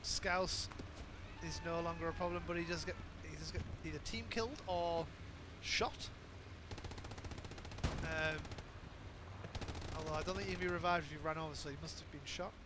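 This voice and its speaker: A man calls a live online shooter match in fast, excitable play-by-play, stumbling and correcting himself as the action unfolds. His voice sits a little high for a man. Steady in-game gunfire and battle ambience run underneath him. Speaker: game commentator. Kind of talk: live esports commentary. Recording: noisy with gunfire in background.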